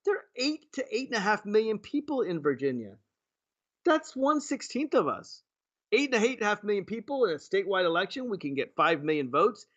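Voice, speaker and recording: A man's voice: high-pitched, very animated, brisk, fairly bright tone, dull audio. A man hosting a political talk show, delivering a sarcastic, indignant commentary full of rhetorical questions.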